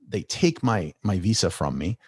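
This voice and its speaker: Male podcast guest, very low and husky, loose animated storytelling. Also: moderate pace, no echo, studio quality. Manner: rambling, animated storyteller with many restarts. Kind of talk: casual storytelling.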